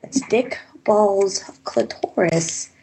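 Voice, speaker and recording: A woman's voice: mid-range voice, very slow, gravelly, darkish tone, slight background noise. A woman hosting a casual podcast over an online call, playful and giggly, restarting the intro again and again. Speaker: podcast host.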